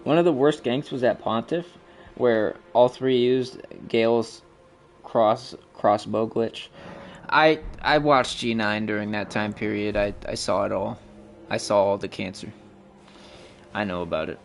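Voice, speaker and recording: A man's voice: fairly low pitch, a little slow, gravelly, faint music behind. A man streaming a game live, cursing and trash-talking opponents and chatting casually with viewers. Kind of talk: live gaming stream commentary.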